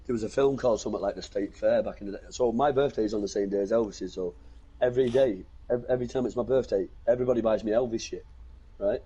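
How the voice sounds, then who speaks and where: A man's voice: fairly low pitch, fast, mellow, breathy edge, highs cut off. A British man hosting a gaming stream, rambling through stories in casual chat and swearing freely. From Britain. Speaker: gaming channel host.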